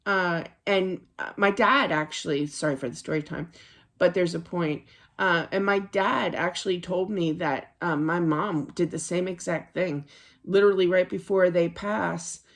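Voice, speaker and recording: A woman's voice: lowish voice, a little slow. Chatty woman giving a spirit reading. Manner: rambling and chatty, with many fillers and restarts. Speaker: psychic card reader. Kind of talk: casual spiritual reading to camera. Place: home office at her desk.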